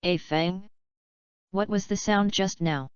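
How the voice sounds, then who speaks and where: A woman's voice: medium pitch, slow pace, clear, resonant tone, no echo, close to an everyday voice. A woman voicing a scheming middle-aged father from a wealthy family, pushy and eager, in a dull lo-fi recording.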